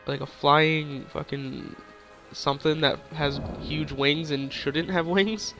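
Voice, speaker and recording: A man's voice: fairly high pitch, steady tone, slow, a bit bright. A young man giving goofy, crude, rambling commentary while playing a game, with faint music behind. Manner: silly, crude, rambling jokes. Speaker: gaming YouTuber.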